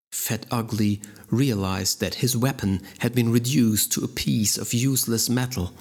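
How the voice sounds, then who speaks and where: Brief: measured male audiobook reader, slow, husky. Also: lowish voice, a little mellow. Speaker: audiobook narrator. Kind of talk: audiobook narration.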